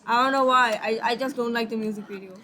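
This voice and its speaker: A woman's voice: on the high side, fairly even intonation, quick pace, bright, forceful tone, slight background noise, low-quality recording. Sleepy, rambling young woman storyteller. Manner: rambling, apologetic, trailing off. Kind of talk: casual fanfic storytelling.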